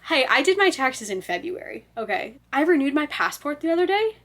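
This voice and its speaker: A woman's voice: high-pitched, very animated, brisk, fairly bright tone. A woman in her twenties rambling in a casual vlog chat, self-deprecating and talking with frequent "like" and "um" fillers. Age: 20s. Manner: self-deprecating, laughs at herself. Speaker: vlogger.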